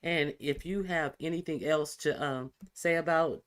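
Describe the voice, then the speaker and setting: A man hosting a casual reaction commentary, halting, with many fillers and restarts. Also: fairly high pitch, fairly even intonation, fairly bright tone, clear, resonant tone. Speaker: commentary video host.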